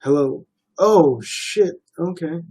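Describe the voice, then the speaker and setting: A young man chats on his livestream in a relaxed, rambling way, filling his pauses with ums and likes. His voice sits a little high for a man, with a mellow, soft tone. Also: slightly rough. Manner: relaxed, rambling, many fillers. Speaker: livestream host. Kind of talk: casual livestream chat.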